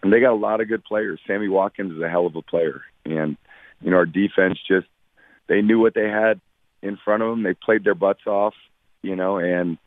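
A man in his forties, a guest athlete on a radio phone interview, talking in a measured way with many fillers. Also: low-pitched, steady tone, no room sound. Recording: tinny phone line on radio.

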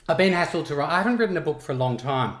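A middle-aged Australian man, a chef talking casually about his cookbook in a relaxed, rambling way with frequent chuckles. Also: on the high side, racing, slight background noise. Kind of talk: casual interview chat.

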